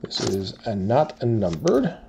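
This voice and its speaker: Hosting a card break, a man calls out team names and players one after another in a steady, rapid-fire list. His pitch is fairly low with some vocal fry, and there's slight background noise.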